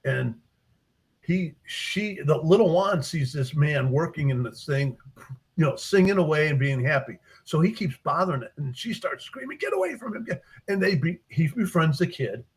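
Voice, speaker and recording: A man, a book author in a casual interview, retelling his short stories with lively acted-out character lines. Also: a little high, moderate pace, breathy edge. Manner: animated storyteller, acts out characters' lines.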